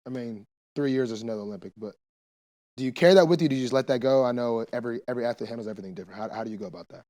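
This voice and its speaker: Young male host, mid-pitched, curious questions, short reactions. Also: rapid-fire, darkish tone. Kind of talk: casual interview.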